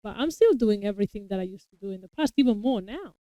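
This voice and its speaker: A woman's voice: mid-range voice, expressive, fast talker, dark tone, no echo, rough recording. A woman, a parent of young children, chatting casually and explaining her views at length, often restarting her sentences. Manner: long talkative explanations with frequent restarts. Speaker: co-host reacting to a TV episode. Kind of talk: casual chat.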